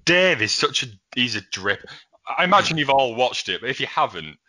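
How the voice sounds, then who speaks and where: A man's voice: mid-range voice, big pitch swings, fairly quick, bright, forceful tone. A young man co-hosting a podcast, chatting casually and animatedly with laughs as he retells scenes. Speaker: podcast co-host. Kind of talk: casual chat.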